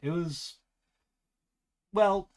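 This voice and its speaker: A man hosting a casual podcast, telling a story in an animated way and laughing often. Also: high-pitched, very slow. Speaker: podcast host.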